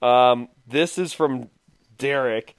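A man's voice: medium pitch, slow, clean tone, dry recording. A man co-hosting a casual podcast chat, amused and laughing as he reads out quotes. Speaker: podcast co-host.

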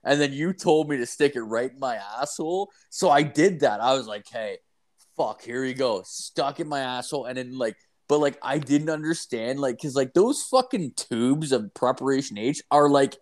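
A man's voice: medium pitch, expressive, normal speed. A young man telling a crude story in casual chat, swearing constantly and rambling as he acts out what people said. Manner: profane, rambling, acts out quotes.

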